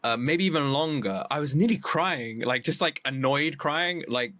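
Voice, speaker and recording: A man talking as a podcast guest, telling stories in a lively way and acting out his own remarks. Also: on the high side, normal speed, no echo. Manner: animated storyteller, acting out his own quotes. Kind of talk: casual podcast chat.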